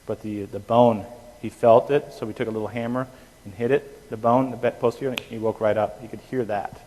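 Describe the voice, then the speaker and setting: A man's voice: medium pitch, steady tone, brisk, darkish tone, slight background noise. A man giving a classroom lecture on anesthesia, explaining with homespun analogies and checking in with "okay?" after each point. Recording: reverberant lecture hall.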